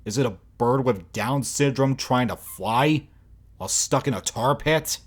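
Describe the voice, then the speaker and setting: A man's voice: medium pitch, unhurried, breathy edge. A man reviewing video clips in mocking, exasperated commentary, swearing often. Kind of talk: sarcastic commentary over clips.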